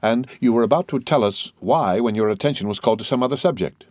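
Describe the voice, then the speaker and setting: A man's voice: mid-range voice, quick pace, a little mellow, no room sound, studio quality, lightly acted. A man voicing a refined, curious French society lady in an audiobook, raising his voice into an inquisitive, politely insistent tone.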